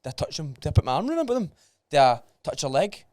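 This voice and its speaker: A young man with a Scottish accent, hosting a podcast and telling stories in an animated, sweary way. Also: a little high, fast, no echo, studio quality. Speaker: podcast host. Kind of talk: casual chat.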